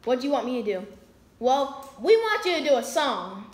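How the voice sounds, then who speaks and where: A woman's voice: high-pitched, very animated, moderate pace, reverberant. A woman hosting a video, telling a playful story to her viewers and laughing often. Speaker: video host.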